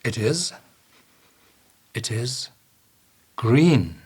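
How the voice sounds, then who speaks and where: A man's voice: medium pitch, lively intonation, drawn-out words, a little mellow, slight background noise. A man, a whisky reviewer casually retelling a film scene, hesitant with many fillers and self-corrections. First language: German.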